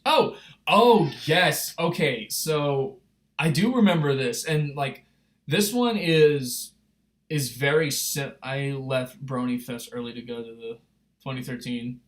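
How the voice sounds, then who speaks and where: A young man telling a story on a casual livestream, rambling and excitable, full of fillers and restarts. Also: medium pitch, slow pace. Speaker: streamer.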